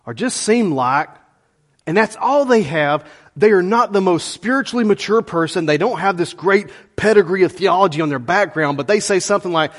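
A middle-aged pastor preaches a conversational, animated sermon, tossing folksy asides to the congregation. His voice sits high and he speaks a little fast.

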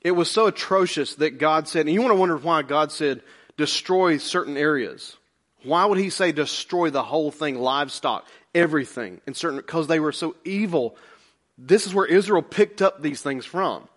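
A man preaching a sermon in church with an emphatic, conversational delivery. His voice sits a bit higher than most men's. He mixes humor and rhetorical questions with pointed exhortation. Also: normal speed, a bit bright. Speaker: pastor.

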